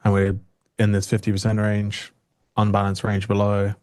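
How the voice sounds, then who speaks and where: A man's voice: lowish voice, completely flat delivery, normal speed, a little mellow. British man on earbud mic. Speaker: trader guest. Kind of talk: casual trading chat. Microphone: earbuds over a computer call.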